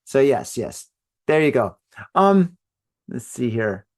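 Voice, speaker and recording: A man's voice: mid-range voice, very animated, takes it slowly, a little mellow. A middle-aged man hosting a solo podcast, rambling casually with lots of filler and laughing at his own jokes. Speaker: podcast host.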